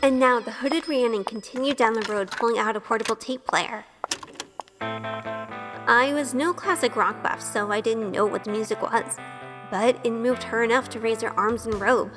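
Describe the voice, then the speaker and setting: A woman's voice: on the high side, normal speed, in a large hall, over music, lightly acted. An actress narrating in first person as a shy, nervous young woman who keeps questioning herself in an audio drama. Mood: self-conscious. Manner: earnest, self-questioning inner monologue.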